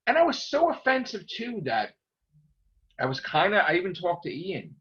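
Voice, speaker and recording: A man ranting casually to camera as a vlogger, excitable and rambling, swearing constantly. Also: high-pitched, normal speed. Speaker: YouTube vlogger. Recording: dull lo-fi recording.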